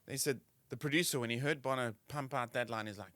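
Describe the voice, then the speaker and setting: Male comedy podcast co-host with a bright, bouncy delivery, recorded dry and close. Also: medium pitch, fast, dry recording. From South Africa. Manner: animated, joking, slips into silly voices. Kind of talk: casual comedic banter.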